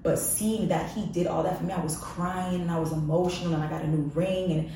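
Woman podcast guest, low register, frank and confessional storyteller, echoey off-mic recording. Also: fairly even intonation, a little fast, dark tone, far from the mic, a little hiss or hum. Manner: frank and confessional, emphatic repetition. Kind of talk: candid personal storytelling.

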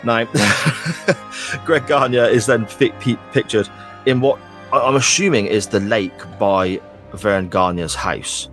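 A man's voice: fairly low pitch, takes it slowly, fairly bright tone, faint music behind. A man co-hosting a wrestling podcast, recapping a clip in a sarcastic, sweary, casual way. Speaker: podcast co-host. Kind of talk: casual chat.

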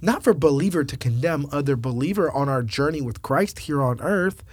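A man's voice: on the high side, lively intonation, moderate pace, a little mellow, husky, dry recording. A man, a pastor co-hosting a scripture discussion, emphatic and preacherly with joking asides. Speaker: pastor, podcast co-host.

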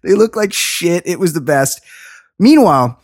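A woman's voice: fairly low pitch, lively intonation, moderate pace, darkish tone, no room sound, studio quality. A woman hosting a podcast, recapping a reality show in a gossipy, sarcastic, profane way. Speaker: podcast host. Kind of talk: casual podcast chat.

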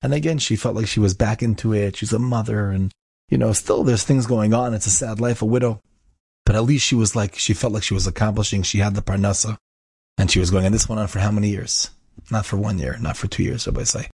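A man's voice: lowish voice, fairly even intonation, fast, gravelly, darkish tone, slightly rough, dry recording. A man telling an inspirational story, emphatic and repeating key phrases for effect. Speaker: inspirational speaker.

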